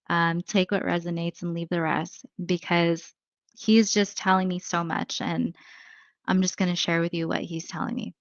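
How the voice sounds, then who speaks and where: A woman's voice: lowish voice, no room sound, muffled recording. A woman psychic medium giving a live reading in a chatty, thinking-aloud way, full of fillers.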